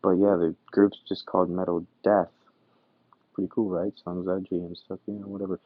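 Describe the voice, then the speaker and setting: A man's voice: low voice, flat delivery, moderate pace, no room sound. A man casually retelling a fan story, rambling with lots of fillers and restarts. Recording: dull, dry recording.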